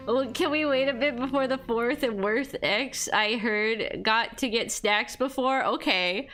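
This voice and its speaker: Bright-voiced young woman streamer rambling. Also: fairly high pitch, takes it slowly. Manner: rambling, full of "like" and "you know what I mean". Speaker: livestreamer. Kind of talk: casual storytelling chat.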